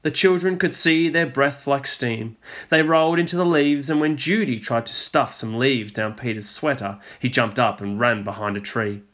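Male teacher reading a storybook aloud. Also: moderate pace. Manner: expressive storytelling, drops low on speech tags.

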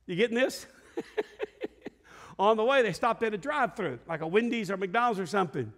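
Preaching to a congregation in the sanctuary, the middle-aged lead pastor speaks at a normal pace in a voice that sits high. He's an energetic storyteller who shouts, voices characters, and asks the room for responses.

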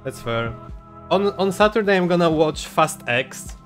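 A man streaming a game, chatting casually and excitably, reading chat and game text aloud. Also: on the high side, unhurried. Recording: game music playing under the voice.

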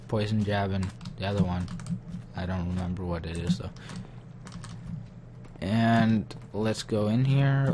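Young man, low voice, casual game commentary, easily frustrated, faint noise behind. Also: darkish tone. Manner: muttering, easily frustrated, self-talking. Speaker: gaming channel host.

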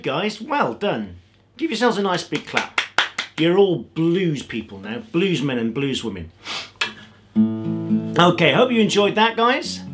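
A man, leading children through a singalong lesson in a playful, coaxing way. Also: a little high. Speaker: children's music entertainer. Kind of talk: singalong lesson for kids at home. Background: loud guitar music.

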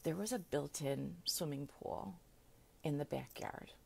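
A woman's voice: low-pitched, unhurried, vocal fry, mellow, husky. A middle-aged woman coach chatting casually on a live video, laughing often and checking in with "right?". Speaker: manifestation coach.

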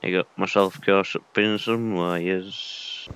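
A man's voice: low voice, steady tone, takes it slowly, pushed and bright, slight background noise. A young man casually commenting while playing a survival game, muttering to himself with mild swearing. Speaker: gaming video creator. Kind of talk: casual let's-play commentary.

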